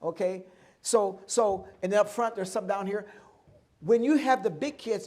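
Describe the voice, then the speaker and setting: A middle-aged man telling stories at a live oral history event, animated, acting out voices and rhythms as he goes. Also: high voice, moderate pace. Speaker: guest speaker.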